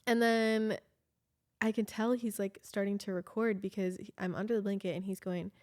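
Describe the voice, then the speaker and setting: A woman's voice: mid-range voice, moderate pace. Chatty young woman telling a story. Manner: chatty, animated, heavy use of "like", laughs often. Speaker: podcast co-host. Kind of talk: casual storytelling chat.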